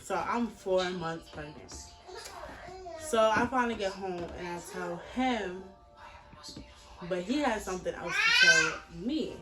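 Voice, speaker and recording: A woman's voice: medium pitch, a little slow, pauses often, loud music behind the voice. Blunt, cursing young woman telling a story. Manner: blunt, profane, animated retelling. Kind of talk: casual storytime chat. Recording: echoey room, mic far off, faint hiss.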